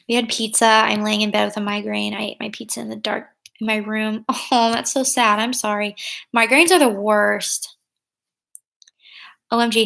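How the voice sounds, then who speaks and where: Her voice is medium-pitched and gravelly with a fairly bright tone: a young woman in her twenties livestreaming, chatting loosely with viewers, packing in fillers and reading their chat comments aloud.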